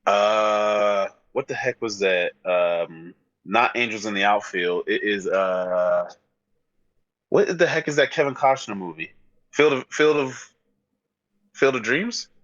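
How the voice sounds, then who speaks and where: Low-voiced man on a dull, dry mic. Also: takes it slowly, a bit bright, dry recording. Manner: thinks aloud, hesitant guesses. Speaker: podcast co-host. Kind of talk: casual chat.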